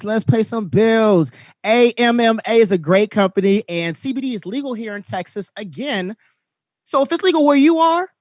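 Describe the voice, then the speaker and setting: A host rattles through sponsor plugs and shout-outs in a loose, upbeat way. The sound is dry and close. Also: medium pitch, no room sound. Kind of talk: live-stream talk show hosting and sponsor read.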